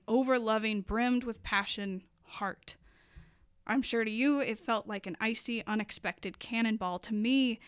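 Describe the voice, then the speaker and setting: A young adult woman performing a spoken word poem, her delivery moving between hushed passages and impassioned, rising lines. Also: medium pitch, clear, resonant tone, no echo, clean studio sound. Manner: dramatic, building from hushed to impassioned.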